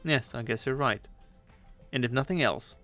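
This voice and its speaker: A man reading a webcomic aloud, doing the characters' lines in an expressive way. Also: mid-range voice, normal speed, soft background music. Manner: expressive, animated. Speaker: webcomic reader.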